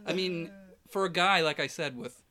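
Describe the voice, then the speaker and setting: Animated man telling an embarrassing story. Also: a little high, normal speed. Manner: animated, self-deprecating, trails off into quiet embarrassment. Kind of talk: casual storytelling chat.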